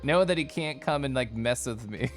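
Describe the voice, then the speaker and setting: A male streamer chatting with his viewers in a teasing, giggly way. His pitch swoops up and down constantly. Soft music plays faintly behind him. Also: expressive, normal speed. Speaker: livestreamer. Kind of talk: casual chat with stream viewers.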